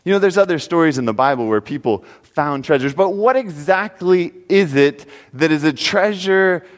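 A male pastor praying and then telling a story in a sermon, with animated, dramatic delivery. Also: a little high, normal speed, long reverb tail.

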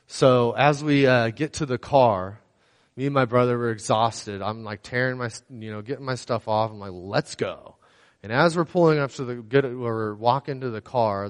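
A young man sharing a casual personal faith testimony, rambling and storytelling with many fillers. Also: medium pitch. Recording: long hall reverb.

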